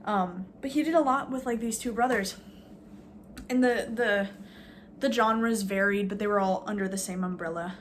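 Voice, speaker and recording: A woman's voice: mid-range voice, normal speed, slight background noise. A woman vlogging a casual, rambling rant, sarcastic and full of fillers, swearing now and then.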